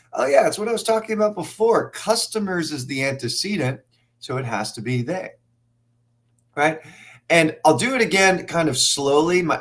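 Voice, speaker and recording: A man teaching a live online test prep class, thinking out loud through questions with energetic asides to his viewers. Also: a little high.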